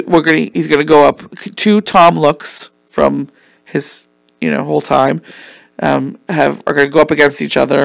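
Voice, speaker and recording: Man, podcast host, gravelly fried voice, slightly higher pitch, dry close sound, going hoarse. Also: a bit bright, no echo. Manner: rambling, chatty, many ums, casual swearing. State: losing his voice, coughing. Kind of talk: casual solo podcast chat.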